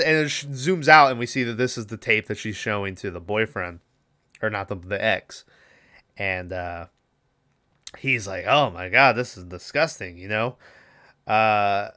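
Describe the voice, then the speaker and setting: Lively, bright-voiced young man recapping a film. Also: medium pitch, moderate pace, clean tone. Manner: rambling, profane, acts out lines from the film. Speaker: podcast co-host. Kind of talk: casual movie recap.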